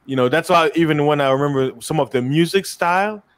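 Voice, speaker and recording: Animated man telling stories in chat. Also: fairly high pitch, quick pace. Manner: animated storyteller, many fillers and restarts. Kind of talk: casual chat.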